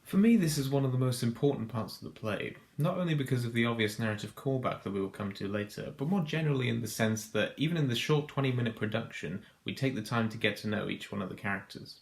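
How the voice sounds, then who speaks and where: A man hosting a reaction video, narrating a scripted analysis in a dry, mock-grand deadpan. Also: mid-range voice, quick pace, creaky, few pauses. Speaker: video host.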